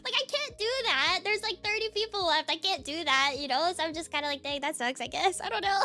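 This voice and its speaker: A woman's voice: very high-pitched, sharp tone, faint music behind. A woman streamer chatting casually with her viewers, giggly and teasing, her voice a bit worn. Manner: giggly, teasing, rambling with fillers; reads out chat names rapidly. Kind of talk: casual chat with chat.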